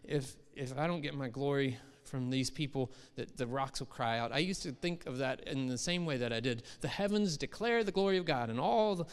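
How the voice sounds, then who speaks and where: Pastor preaching in a reverberant hall. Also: male voice, medium pitch, a little fast, few pauses, smooth. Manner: conversational, rising to emphatic in quoted voices. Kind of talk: sermon.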